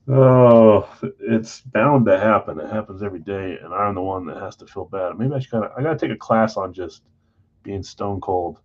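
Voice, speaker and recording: A man's voice: fairly low pitch, normal speed, dull audio. A man hosting a live stream, casually reading off trades and talking to buyers in a scattered, self-deprecating way. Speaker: card break host.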